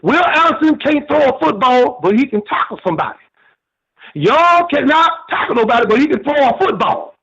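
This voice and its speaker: A man's voice: very high-pitched, lively intonation, moderate pace, vocal fry, a bit bright. An older man with a Southern US accent calling in to a sports show, folksy and sermon-like, repeating "man". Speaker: caller. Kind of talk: phone-in preaching-style rant. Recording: muffled phone call.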